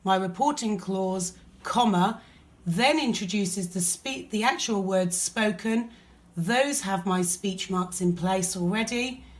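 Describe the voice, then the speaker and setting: A woman teacher with an English accent, explaining a lesson patiently step by step. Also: mid-range voice. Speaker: primary school teacher.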